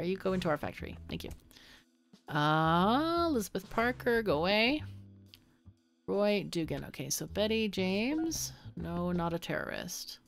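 A woman's voice: mid-range voice, fairly bright tone. A woman hosting a let's play, chatting casually and wryly as she thinks aloud through a game. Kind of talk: casual gameplay commentary.

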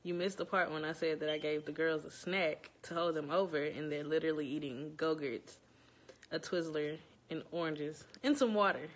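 A woman's voice: low-pitched, normal speed. A young woman from Louisiana, chatting casually to viewers at home while nervous before an interview. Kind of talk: casual chat. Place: home, indoors.

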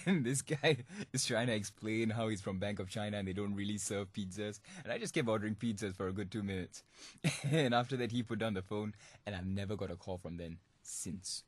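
A young Singaporean man hosts a student radio podcast, delivering a comic monologue in a playful, mischievous way and laughing often. His voice is fairly low and brisk, with no echo.

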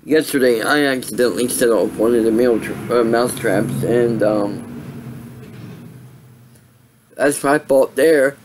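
A man's voice: medium pitch, measured pace, long pauses, a little hiss or hum, poor audio. A tired man casually telling a personal story on his vlog, rambling with many fillers and restarts. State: tired, yawning. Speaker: vlogger.

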